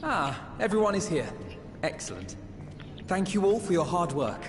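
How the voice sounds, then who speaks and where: A courteous young scholar in a video game, polite and composed. His voice sits high and swings lively through each line. A long reverb trails behind him over clear music. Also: normal speed. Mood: cordial.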